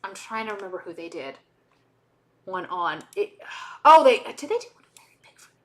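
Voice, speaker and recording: A woman's voice: medium pitch, big pitch swings, moderate pace, a bit bright. A woman streaming while she edits, chatting casually in a rambling way with frequent self-interrupting asides. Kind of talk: casual chat while video editing.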